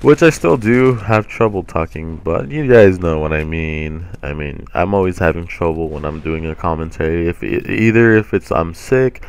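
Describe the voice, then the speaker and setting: A young man chats casually to his viewers in a very low, smooth voice that is still groggy from the morning. He rambles along, starting over often, like a gaming host talking off the cuff. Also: moderate pace, hardly any pauses. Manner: chatty, rambling with many restarts and fillers.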